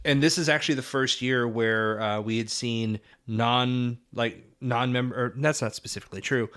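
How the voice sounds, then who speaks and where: A man's voice: medium pitch, fairly even intonation, moderate pace, fairly bright tone, clear, resonant tone. A man co-hosting a film-history podcast in a casual, thoughtful way, with fillers now and then. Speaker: podcast co-host.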